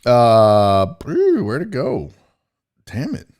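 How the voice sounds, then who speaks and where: A man's voice: mid-range voice, huge pitch swings, extremely slow, darkish tone. A man hosting a casual sports talk show, rambling and joking with frequent profanity. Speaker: host.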